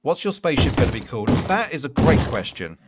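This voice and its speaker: A man in his thirties streams a block-building game, talking fast at a medium pitch with a sing-song lilt. He chats casually and tosses jokey asides back to his chat during this Minecraft livestream. Loud background noise runs under the recording.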